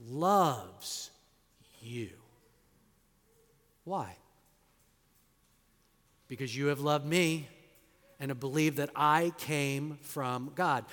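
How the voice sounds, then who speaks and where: A pastor delivers an expository sermon with emphatic delivery, hitting words loudly and then falling to quiet, low endings. Now and then he stretches a key word out slowly. The recording carries a long hall reverb.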